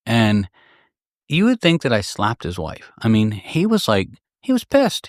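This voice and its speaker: A man's voice: medium pitch, wildly swooping pitch, moderate pace, no echo, clean studio sound. A middle-aged man, a gunsmith hosting a podcast, telling stories in a candid, rambling way with restarts. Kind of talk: casual storytelling podcast.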